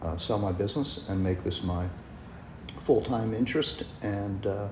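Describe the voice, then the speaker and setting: A man being interviewed as a guest scholar, speaking in a measured, hesitant way with many pauses and ums. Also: lowish voice, a little mellow. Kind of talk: podcast interview. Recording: echoey room with faint noise.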